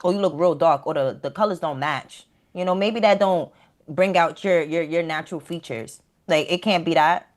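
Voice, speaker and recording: A woman with a low voice who works through her thoughts in casual debate. She hesitates and restarts often, stringing her ideas together with fillers. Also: moderate pace. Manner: hesitant, thinks aloud with many fillers. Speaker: podcast panelist.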